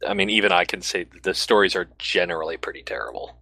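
A man's voice: low-pitched, lively intonation, fast, creaky, pushed and bright. A man co-hosting a casual game podcast, emphatic and swearing casually. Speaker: podcast co-host.

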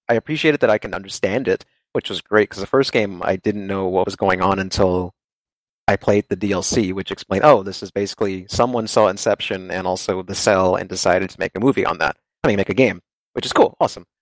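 A man's voice: sits low, fairly quick, no room sound. A man chatting casually about games, rambling and laughing easily. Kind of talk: casual game discussion.

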